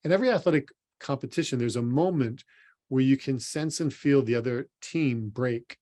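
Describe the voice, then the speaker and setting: A man's voice: mid-range voice, normal speed, mellow. A man, a sports psychologist, giving an earnest motivational conference talk and speaking straight to the listener. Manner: earnest, direct, addresses the listener as "you". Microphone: recorded for an online symposium.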